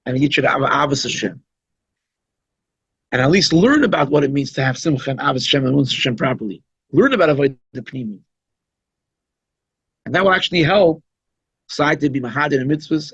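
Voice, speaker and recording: A somewhat high, husky, gravel-toned voice belongs to a rabbi giving an informal Chassidic talk at a holiday gathering. He is conversational and emphatic, often wandering into asides. The recording is dull and dry, with no echo and little sense of the room.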